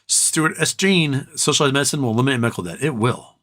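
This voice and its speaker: A man's voice: medium pitch, gravelly, bright, forceful tone. A man hosting a casual livestream, reading viewer comments aloud and riffing on them in a loose, joking, profane way. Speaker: livestream host.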